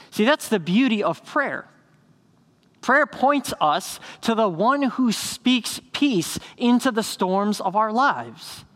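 A man preaching a sermon as a pastor, earnest, telling stories with rising excitement and dropping to hushed, slow emphasis. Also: sits high. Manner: earnest, builds to excited storytelling then slows to hushed emphasis.

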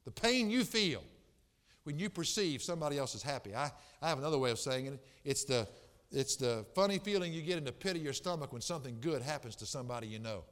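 A man preaching a sermon as pastor, swinging from soft, low passages to loud, impassioned outbursts. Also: expressive, fast, long reverb tail.

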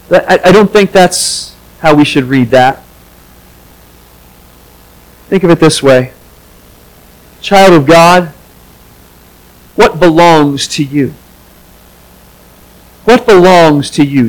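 High-voiced man preaching a sermon. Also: slow, long pauses, poor audio. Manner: earnest preaching, acts out quoted voices with rising pitch. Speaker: pastor.

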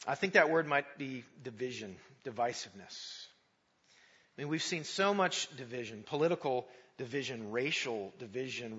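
Male pastor preaching, bright forceful voice, long echo in a big church. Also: mid-range voice, breathy edge. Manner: storytelling, earnest and warm in prayer. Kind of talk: sermon. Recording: dull sound in a large reverberant church.

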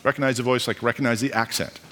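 A man, a pastor, preaching a sermon in a lively, conversational way with casual asides and jokes. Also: mid-range voice, quick pace. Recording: long reverb of a hall.

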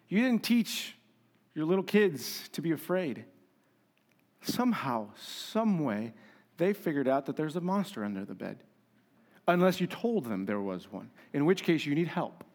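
A pastor preaching a conversational, emphatic sermon with humor and rhetorical questions. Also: male voice, on the high side.

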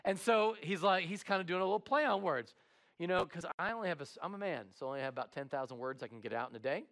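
Male preacher, high-pitched and gravelly, lively sermon delivery with acted-out voices. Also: fast talker. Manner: animated storytelling, acts out voices, swings from loud to hushed. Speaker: pastor.

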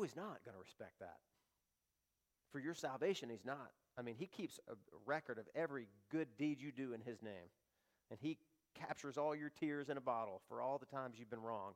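A man's voice: medium pitch, expressive, normal speed. A pastor, preaching an impassioned sermon and acting out the voices he quotes.

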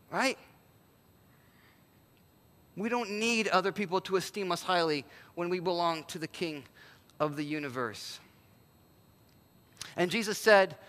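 Pastor, male, bright high voice, animated sermon delivery with hushed moments, church hall reverb. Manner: animated preaching, voices quoted figures, drops to near-whisper for emphasis.

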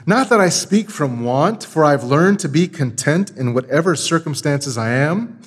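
A man's voice: on the high side, animated, unhurried, husky. A man preaching a Sunday morning sermon, teaching through a Bible passage with emphatic repetition. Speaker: pastor.

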